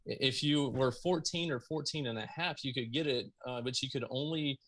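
Man, Southern accent, thirties, bright tone, animated storyteller, video call guest. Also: mid-range voice, moderate pace. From Mississippi, US. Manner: animated storyteller, acts out his own past lines. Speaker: guest, car audio business owner. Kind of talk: casual storytelling interview.

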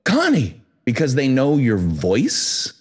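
A man's voice: lowish voice, animated, moderate pace, a little mellow. A man hosting a podcast interview, talking in a conversational, enthusiastic way. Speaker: podcast host.

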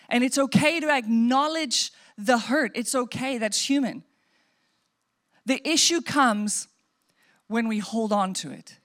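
High-voiced woman pastor preaching. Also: fairly bright tone. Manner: conversational, earnest preaching with asides and quotes. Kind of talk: sermon.

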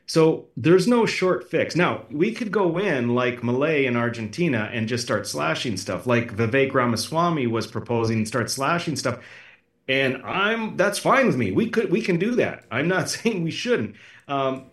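A man's voice: mid-range voice, sing-song, moderate pace, reverberant. A man as a political candidate guest in a podcast interview, talking emphatically and repeating words as he presses his points. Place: podcast studio.

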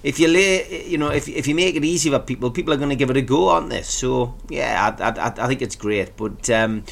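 A male co-host on a football chat show, talking in a measured, hesitant way. He often restarts his sentences while weighing up a point in relaxed conversation. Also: mid-range voice, vocal fry. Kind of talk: casual podcast chat.

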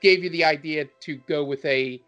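A man with a slightly raised pitch hosts a casual tabletop podcast. He rambles warmly, packing his talk with "um" and "uh" as he praises his players. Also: moderate pace, lo-fi sound, soft background music. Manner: rambling, filler-heavy, enthusiastic. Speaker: podcast host and game master.

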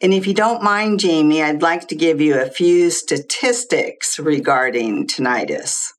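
Low-voiced woman explaining calmly. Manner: measured, explanatory, lists figures clearly. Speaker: social worker and guest expert. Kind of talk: informative interview answers.

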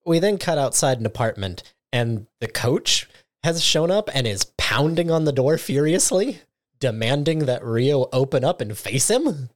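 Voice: mid-range voice, measured pace. A podcast host recapping a show episode in casual chat, acting out the characters' lines. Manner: animated storytelling, acting out lines.

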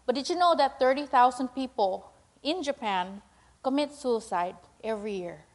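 High-pitched young woman, informal sermon, chatty and self-mocking. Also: lively intonation, moderate pace. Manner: chatty, full of fillers and "right?"; acts out her own prayers in a higher, louder voice. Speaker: speaker at a church gathering.

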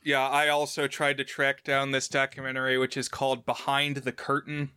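A man's voice: medium pitch, monotone, moderate pace, sharp tone, clean tone, no room sound, studio quality. A man co-hosting a podcast, casually reviewing and explaining details step by step. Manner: explanatory, walks through details methodically. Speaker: podcast co-host.

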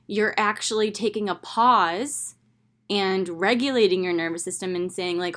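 A young adult woman hosting a casual self-help monologue, candid and animated, acting out her own inner voice as she speaks. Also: mid-range voice, normal speed.

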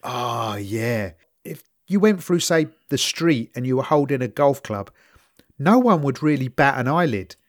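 Animated man in his fifties chatting. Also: mid-range voice, a little slow. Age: 50s. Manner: laughs often, acts out voices in retellings. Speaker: podcast co-host. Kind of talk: casual chat.

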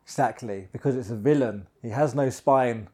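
A man's voice: medium pitch, moderate pace, warm tone, breathy edge. A man hosting a podcast, giving casual, rambling commentary over a film and joking to himself. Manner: rambling, jokey, talks to himself. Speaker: podcast host.

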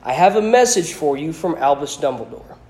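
A man's voice: on the high side, lively intonation, fairly quick, darkish tone, close to an everyday voice. A man doing Phineas Nigellus, a sneering portrait professor. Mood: smug. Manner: smooth, lazy, condescending drawl. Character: sly, haughty dead male professor in a portrait.

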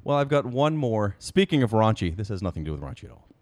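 A man co-hosting a podcast, casual comedic chat with a deadpan news-style delivery. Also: fairly low pitch, fast, no room sound, soft background music. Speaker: podcast co-host.

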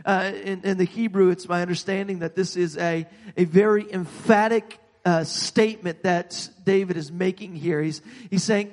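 A man preaching a sermon, halting and repeating words, growing emphatic as he goes. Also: sits high, steady tone, in a large hall.

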